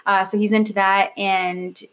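A woman's voice: medium pitch, little pitch movement, normal speed. A woman in her thirties chatting casually as a co-host, telling stories animatedly and acting out quoted dialogue. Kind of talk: casual chat.

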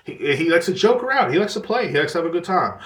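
A man's voice: sits high, sing-song, quick pace, a bit bright. A man hosting a solo podcast, ranting casually and profanely in a heated, rambling way. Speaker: podcast host. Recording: echoey room.

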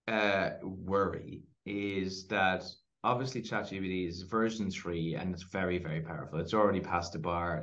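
A man with a fairly low voice, speaking as a guest on a podcast. He tells stories in an animated way, with plenty of fillers. The audio sounds dull and lo-fi. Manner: animated storyteller, lots of fillers. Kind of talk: casual interview storytelling.

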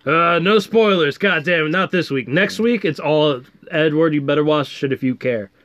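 A man's voice: fairly high pitch, normal speed, fairly bright tone, no room sound. A man co-hosting a casual chat, swearing freely and acting out quotes in a raised voice. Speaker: podcast co-host. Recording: dull lo-fi dry sound.

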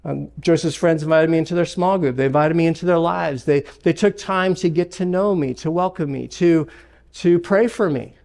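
Male pastor preaching in church; fry in the voice, emphatic delivery with repetition. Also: on the high side, normal speed, darkish tone. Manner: emphatic preaching with repeated phrases and personal stories. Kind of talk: sermon. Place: church sanctuary.

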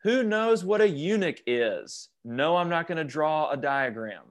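A man's voice: on the high side, expressive, unhurried. A man leading a youth Bible study over a video call, questioning the group and joking as he teaches.

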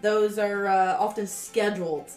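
A woman's voice: mid-range voice, fairly even intonation, a little slow, darkish tone, soft background music. A woman patiently explaining things in a casual podcast chat, with laughing asides. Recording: roomy, distant from the mic.

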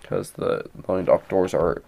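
A man's voice: sits low, fairly even intonation, measured pace, creaky, mellow. A young man playing a tabletop game, talking in a hesitant, stammering way. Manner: hesitant, stammering, slightly anxious. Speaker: player. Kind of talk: casual tabletop game play.

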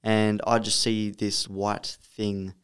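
A man in casual podcast chat, telling a story haltingly and repeating his words. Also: fairly low pitch, flat delivery, fairly bright tone, clear, resonant tone. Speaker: podcast co-host.

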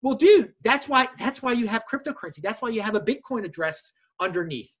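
A man hosting a casual chat, talking in an animated way and mocking others in a high voice. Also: brisk, slightly rough. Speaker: host.

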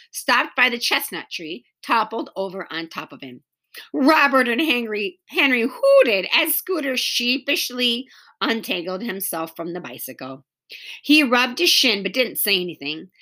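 A woman reads a children's story aloud in a bright, fairly high voice. Her delivery is animated, rising and falling through each sentence to keep young listeners engaged. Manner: expressive storybook reading. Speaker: narrator. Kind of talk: reading a children's book aloud.

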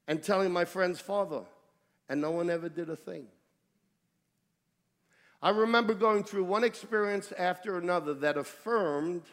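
A high-pitched man with a New York accent preaches in a storytelling way, animated and wry about himself. His voice rings out with a long reverb, as if carried through a large hall. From United States. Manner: conversational, animated storytelling with self-deprecating humor. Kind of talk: storytelling sermon testimony.

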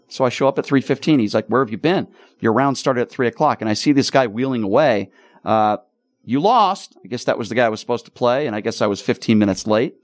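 Animated male radio host, dry studio. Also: medium pitch, no echo. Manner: animated, exasperated storyteller. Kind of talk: casual storytelling chat.

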